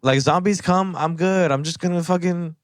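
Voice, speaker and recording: A man's voice: high voice, normal speed, dry recording, clean studio sound. A laid-back man chatting on a podcast, mostly agreeing with short interjections. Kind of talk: casual chat.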